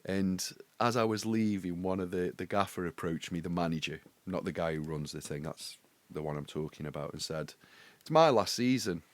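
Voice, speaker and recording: A man, chatting on a podcast and joking his way through stories. His voice sits a little low and sounds close and dry, with no room around it. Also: normal speed, no room sound. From England. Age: 40s. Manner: jokey, storytelling, breaks into song. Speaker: podcast co-host. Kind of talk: casual chat.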